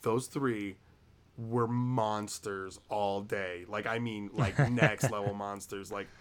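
A man's voice: on the low side, fairly even intonation, takes it slowly, smooth. A man co-hosting a casual podcast, chatty and rambling with lots of fillers, often laughing. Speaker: podcast co-host.

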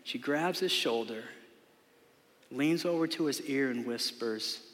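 A man's voice: medium pitch, unhurried, fairly bright tone, big-room sound. A man, a pastor, giving a sermon in a church, telling a story and leading prayer in an earnest, conversational way with filler words. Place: church sanctuary.

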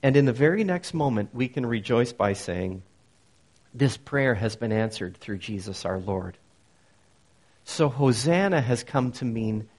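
A man's voice: mid-range voice, expressive, unhurried, a little mellow. A man preaching a sermon as pastor, earnest, with emphatic rises on key phrases.

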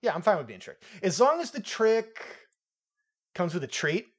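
A man's voice: high voice, moderate pace, breathy edge. A man co-hosting a podcast, chatting casually about a film with playful jokes and asides. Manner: animated, jokey, playful asides. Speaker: podcast co-host. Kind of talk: casual film review chat.

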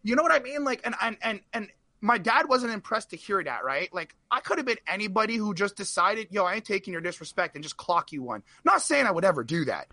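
Casting: high-voiced man, bright tone, dry close sound, rambling storyteller. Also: a little fast, few pauses, no room sound. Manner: animated, rambling anecdote with repeated fillers. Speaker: guest. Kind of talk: casual storytelling on a live stream.

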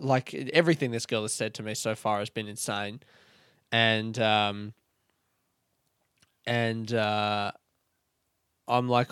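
Young male comic, rambling storyteller, crisp and resonant, no room sound. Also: mid-range voice, steady tone, unhurried, long pauses, a bit bright, dry recording, clean studio sound. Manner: rambling, laid-back, swears casually. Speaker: comedian. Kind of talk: casual storytelling monologue.

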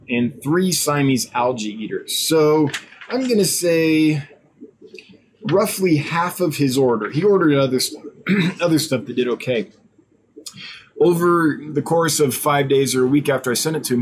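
A friendly middle-aged man hosts a casual live stream, rambling easily through his news with plenty of fillers and side remarks. His voice sits a bit high for a man, and a faint hum of background noise runs under it. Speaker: online fish seller hosting a weekly live stream.

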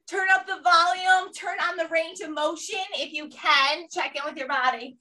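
Bright, high-voiced upbeat woman instructor. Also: moderate pace, hardly any pauses, recorded from a distance. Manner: upbeat and encouraging, cueing movement and breath. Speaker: fitness class instructor. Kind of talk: guided movement and mindfulness class.

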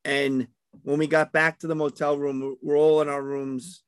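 A man's voice: on the high side, flat delivery, moderate pace, clear, resonant tone, dry recording. A man in a casual chat, rambling through old stories and acting out what people said. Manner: rambling storyteller acting out quotes.

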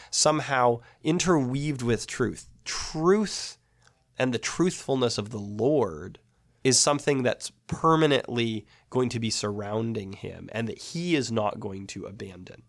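A man with a gravelly, fry-edged voice gives a patient, methodical lecture on biblical poetry. His pitch sits in the middle range, and he explains each point step by step. The recording is close and dry, with no room sound. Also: lively intonation, measured pace, dry recording.

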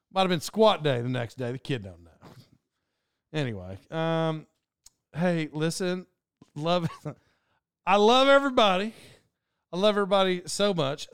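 Podcast host, male, high smooth voice, rambling and self-mocking, quick to laugh, dry close mic. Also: a bit bright, dry recording. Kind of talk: casual storytelling monologue.

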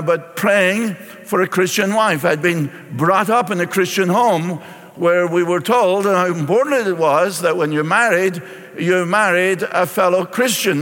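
A middle-aged pastor, preaching a sermon and reading scripture aloud before explaining it. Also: male voice, sits high, fairly bright tone. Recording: long reverb in a large hall.

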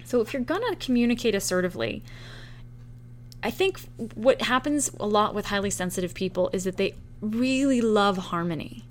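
A woman hosting a solo podcast, explaining her points in a relaxed, conversational way and acting out short example quotes. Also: mid-range voice, moderate pace, a little hiss or hum. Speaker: podcast host. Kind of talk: solo podcast talk on relationships.

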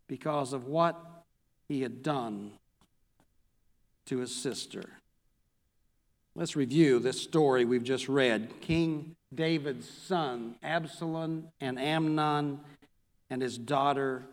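A man preaching a sermon, reading a scripture passage aloud and then reviewing it slowly as a pastor. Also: on the high side. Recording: long hall reverb.

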